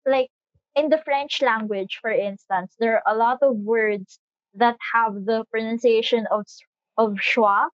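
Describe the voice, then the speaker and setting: A woman's voice: mid-range voice, no room sound, highs cut off. A woman adding to a classroom presentation on phonetics, hesitant with many fillers.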